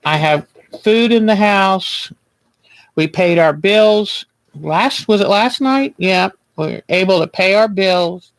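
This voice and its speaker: A man hosting a quilting livestream, chatting gently and reassuringly while he sews at home. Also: high voice, no echo, poor audio. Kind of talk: casual chat while sewing.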